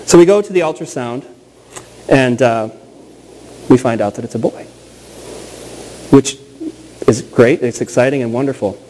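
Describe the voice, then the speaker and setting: A pastor in his thirties preaching a sermon in a conversational, storytelling way, slowing down and repeating key phrases for emphasis. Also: mid-range voice, dark tone, a little hiss or hum, poor audio.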